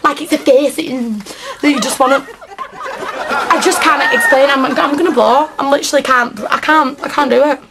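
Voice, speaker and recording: A woman's voice: high-pitched, fairly even intonation, brisk, a loud crowd, very noisy. A British woman, a reality contestant, dramatically exasperated and half-laughing as she vents.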